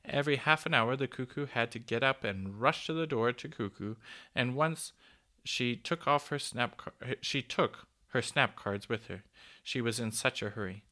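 A man reading a children's story aloud in a gentle, measured way. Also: mid-range voice.

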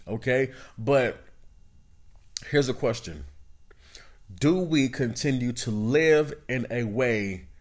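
Man giving casual self-help talk. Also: medium pitch. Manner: conversational, repeats phrases, asks "you know what I mean?". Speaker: podcast host.

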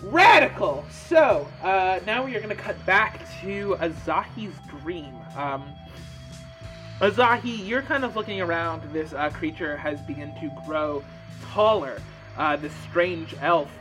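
Game master, man: high, bright, casual narration full of fillers. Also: expressive, unhurried, faint music behind. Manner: casual, many fillers, describes scenes.

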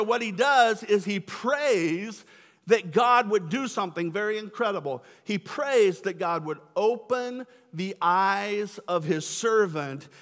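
A young man preaches a sermon as pastor, enthusiastic and casual, tossing in slangy asides. His high-pitched voice has a fairly bright tone, and the sound is echoey, as in a hall.

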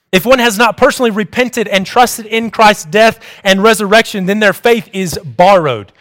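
A young man delivering a sermon, reading in a measured, explanatory way. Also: high-pitched, fairly bright tone. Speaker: preacher.

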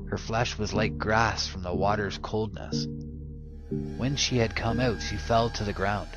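A man with a low voice reads an ancient text aloud in slow, solemn narration. The audio sounds dull and muffled, and music plays clearly underneath throughout. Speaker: podcast host reading a text. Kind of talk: scripted narration.

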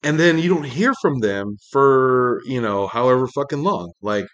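Man, mid-pitch voice, rambling profane rant, lots of fillers and swearing. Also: lively intonation, normal speed, fairly bright tone. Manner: rambling, heavy swearing, many fillers, pitch jumps when angry. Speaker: podcast host. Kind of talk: profane ranting monologue.

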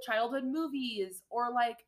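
A woman's voice: fairly high pitch, measured pace. A woman in her twenties co-hosting a podcast, chatting casually and rambling with many fillers. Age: 20s. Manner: rambling, heavy use of "like", laughs often. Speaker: podcast co-host.

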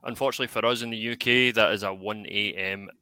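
Low-voiced Scottish man, bright tone. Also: steady tone, quick pace. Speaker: podcast co-host. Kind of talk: casual chat.

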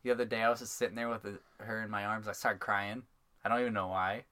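A man's voice: fairly low pitch, fairly even intonation, fast talker, sharp tone. Joking young man on a podcast. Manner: crude joking, laughs often. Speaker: podcast co-host. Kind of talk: casual podcast chat.

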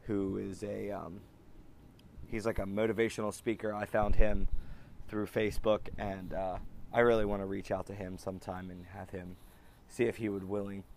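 A man in his thirties hosting a podcast, talking in a rambling, halting way with many restarts and fillers. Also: lowish voice, flat delivery, creaky, darkish tone, a little hiss or hum. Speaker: podcast host. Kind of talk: casual personal monologue.

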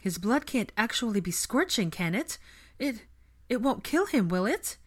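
A woman's voice: fairly high pitch, sing-song, moderate pace, voice pushed up. A woman reading the part of a fearful, pleading young witch.

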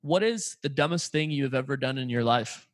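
A man's voice: mid-range voice, animated, a little fast, dry recording. A man from Belgium co-hosting a podcast in casual chat, telling stories, acting out what others said, and swearing often. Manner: storytelling, quoting others, frequent swearing. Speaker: podcast co-host.

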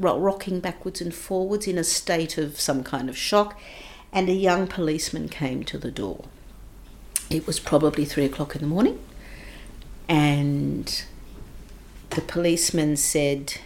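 Woman telling a harrowing memory, slightly low. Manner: vivid, emotional retelling with shifts between hushed and raised intensity. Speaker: guest recounting her childhood. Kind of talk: personal storytelling.

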